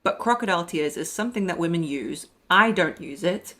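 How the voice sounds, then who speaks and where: A young adult woman with a somewhat low-pitched voice talks straight to her listeners like a coach. Her advice comes out blunt and emphatic, yet she keeps a close, confiding way of speaking. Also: expressive, a little fast, fairly bright tone. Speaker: podcast host and dating coach. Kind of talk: direct advice monologue.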